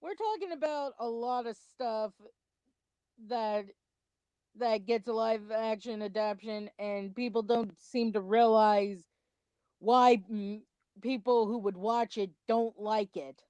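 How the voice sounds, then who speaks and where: A woman's voice: fairly high pitch, slow, dark tone, clear, resonant tone, no echo, lo-fi sound. A young adult woman co-hosting a commentary video, chatty, rambling and a little self-conscious in casual chat.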